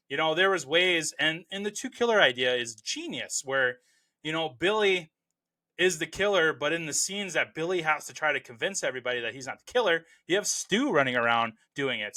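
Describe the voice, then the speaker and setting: A man's voice: fairly high pitch, sharp tone. A man hosting a movie review show, talking casually and enthusiastically, rambling with lots of fillers and restarts. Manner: rambling and enthusiastic, heavy on "you know" and restarts. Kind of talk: casual spoken film review.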